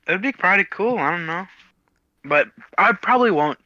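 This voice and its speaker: A man's voice: sits high, expressive, moderate pace, sharp tone, no room sound, lo-fi sound. A man answering interview questions as a guest, with short, offhand replies. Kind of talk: casual chat.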